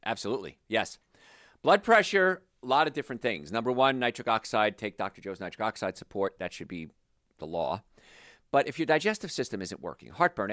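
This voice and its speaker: A man's voice: mid-range voice, dry recording, clean studio sound. A man working as a holistic health practitioner, answering viewer questions in a casual, chatty way and drifting into anecdotes. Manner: animated, chatty, drifts into stories.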